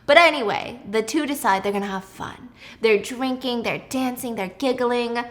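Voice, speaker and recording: A woman hosting a casual movie recap, chatty and animated, swearing freely as she tells it. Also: a little high, moderate pace. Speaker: host.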